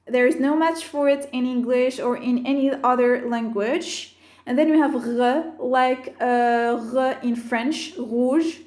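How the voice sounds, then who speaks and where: A woman teacher explaining speech sounds, slowly listing sounds and terms one by one. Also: sits high, a little mellow, roomy sound. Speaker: Arabic teacher. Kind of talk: explaining phonetics with slides.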